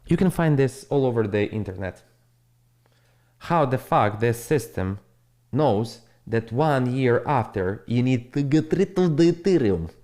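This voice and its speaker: Blunt, profane crypto streamer. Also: male voice, mid-range voice, lively intonation, a little slow, dark tone. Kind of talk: casual live-stream monologue.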